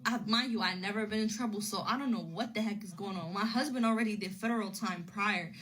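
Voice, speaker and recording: A woman's voice: mid-range voice, quick pace, a bit bright, low-quality recording. A woman casually telling a personal story to her phone camera, rambling and repeating herself as she retells what people said.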